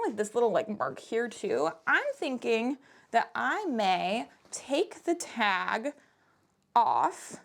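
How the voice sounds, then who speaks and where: Chatty upbeat woman vlogger. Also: fairly high pitch. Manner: chatty and upbeat, explaining finds. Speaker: thrift reseller vlogger. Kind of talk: casual vlog chat.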